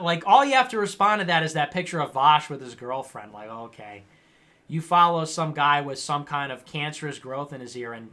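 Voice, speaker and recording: A man's voice: on the high side, pushed and bright. A man hosting a livestream, reading viewer comments aloud and answering them in a sarcastic, mocking way. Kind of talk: casual political commentary.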